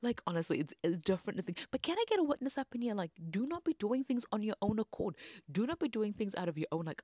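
A woman's voice: mid-range voice, sing-song, quick pace, a little mellow, no echo, studio quality. A woman hosting a devotional podcast, teaching in a feisty, emphatic preaching manner with rising bursts. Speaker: podcast host.

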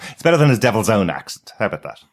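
A man's voice: fairly low pitch, sing-song, quick pace, husky. A man co-hosting a podcast, chatting enthusiastically about a TV series and repeating words as he thinks. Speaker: podcast co-host reviewing a TV series. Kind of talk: casual review chat.

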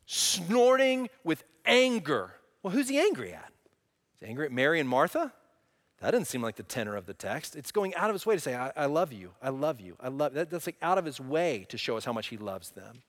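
Higher-voiced male pastor, conversational preacher who swings between loud emphasis and quiet; reverberant church hall. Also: very animated, brisk. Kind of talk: sermon.

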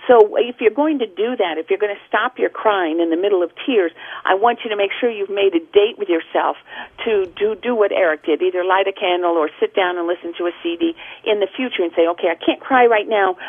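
A woman's voice: medium pitch, husky. A woman guest speaking earnestly and reflectively on a radio talk show, heard over a telephone line. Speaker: guest, grief author.

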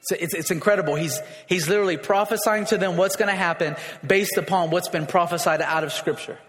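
A male pastor delivers a sermon in a high, animated register, pressing his points home by repeating phrases and asking the congregation to answer back. His voice rings out sharp and bright. The sound carries a long, roomy reverb, as if caught in a large church sanctuary. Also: brisk. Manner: emphatic, repeats phrases, calls for congregation response. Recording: echoey hall with long reverb.

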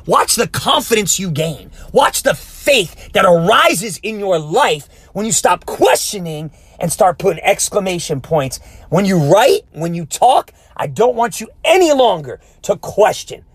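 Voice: mid-range voice, big pitch swings, measured pace, breathy edge, no room sound. A life coach giving a motivational podcast talk, with an emphatic, repetitive rallying cadence and preacher-like direct exhortation to the listener.

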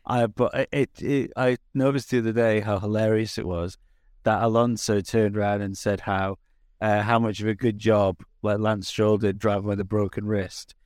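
A man's voice: on the low side, level tone, moderate pace, hardly any pauses, darkish tone, dry recording, studio quality. A man co-hosting a casual podcast chat, stumbling over his words as he tells stories. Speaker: podcast co-host.

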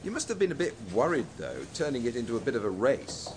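A man's voice: medium pitch, sing-song, fast, darkish tone, slight background noise, close to an everyday voice. A man playing a politely impatient history interviewer who keeps pressing for details. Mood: probing. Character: dry, persistent male history interviewer.

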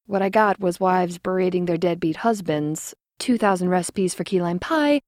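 A woman narrating a first-person story with dramatic, expressive delivery, dropping to a whisper in tense moments. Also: on the low side, moderate pace, few pauses, no echo, clean studio sound.

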